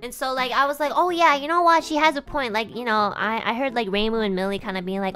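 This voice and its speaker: A young woman streamer telling a rambling, flustered story in casual chat, breaking into high laughter. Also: fast talker, few pauses, pushed and bright, faint music behind. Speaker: VTuber streamer.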